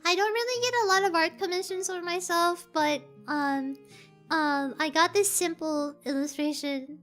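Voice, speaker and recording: Super high-pitched girl streamer, slow gushy squealy chatter, faint music in the back. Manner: gushing, squealing with excitement. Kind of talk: casual livestream chat.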